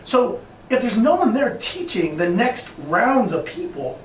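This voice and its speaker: A man guesting on a podcast, telling lively stories and acting out the dialogue. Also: very high voice, a little slow. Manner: animated storyteller, acts out quoted dialogue. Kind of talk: storytelling in a podcast interview. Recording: roomy, distant mic, faint noise.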